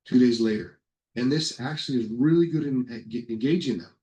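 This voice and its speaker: This software webinar is led by a middle-aged man speaking a little fast at medium pitch over poor audio. He rambles informally through anecdotes, using many fillers and correcting himself often.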